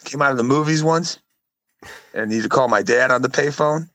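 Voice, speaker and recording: A man's voice: moderate pace, fairly bright tone, no echo, poor audio. A man in his forties co-hosting a casual podcast, telling rambling stories and acting out quotes in a raised voice. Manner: rambling storyteller, acts out quotes in a high voice. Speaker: podcast co-host. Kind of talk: casual chat.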